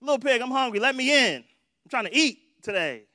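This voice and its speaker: A pushy, hungry wolf demands to be let in with casual street talk, as a preacher acts him out. The voice sits high for a man, and the sound is dry and close. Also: animated, brisk, pushed and bright, no room sound, exaggerated voice. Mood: hungry, demanding. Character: hungry big bad wolf, male, pushy.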